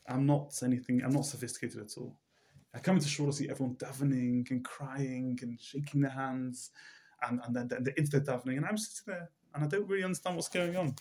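Simple working-class water carrier, quiet and plain; a male teacher puts him on. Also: mid-range voice, close to an everyday voice.

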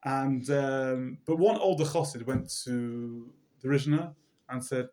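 A man's voice: mid-range voice, slow, mellow. A man teaching a Torah class, telling a story with repeated words and frequent fillers. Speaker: religious teacher.

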